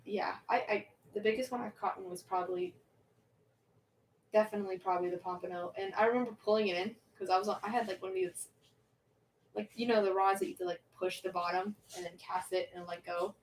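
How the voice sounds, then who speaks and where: A woman's voice: medium pitch, steady tone, fast talker, recorded from a distance, a little hiss or hum, rough recording. Rambling young woman chatting on a livestream. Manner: rambling, self-interrupting, giggly. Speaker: livestream host. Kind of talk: casual chat reading viewer questions.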